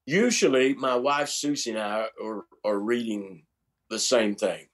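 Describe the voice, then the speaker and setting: A man's voice: on the low side, a little slow. A man in his seventies, a pastor and seminary chancellor, talking animatedly in an interview and stressing words as he tells stories. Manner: animated, emphatic storyteller who repeats words. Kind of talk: conversational interview.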